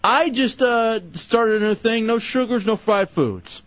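A man's voice: very high voice, unhurried, fairly bright tone, no echo. Playful man on lo-fi radio. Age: 20s. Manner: playful, scolding, affectionate. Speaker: radio show host. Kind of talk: casual on-air chat. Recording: dull lo-fi radio audio.

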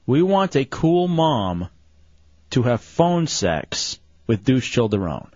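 A man's voice: mid-range voice, sing-song, takes it slowly, darkish tone, no echo, lo-fi sound. A man hosting a crude comedy radio show, teasing and mocking his co-hosts.

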